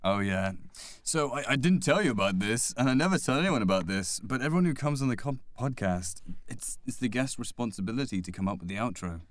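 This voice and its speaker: A man hosting a casual podcast chat, chatty and quick to laugh. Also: medium pitch, expressive, no room sound. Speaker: podcast host.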